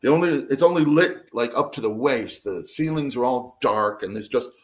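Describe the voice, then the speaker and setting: A middle-aged man, an interview guest, telling a story in an animated way and acting out the dialogue. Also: medium pitch, normal speed. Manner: lively, laughing, acts out quoted dialogue.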